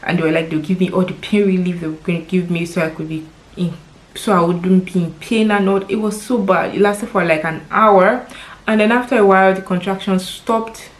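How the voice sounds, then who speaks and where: A Nigerian woman in her thirties speaks to her vlog audience about something deeply personal. Her voice is tearful at times and heartfelt, and she repeats words for emphasis as she tells her story. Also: steady tone, brisk, low-quality recording. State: crying at times. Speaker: lifestyle vlogger.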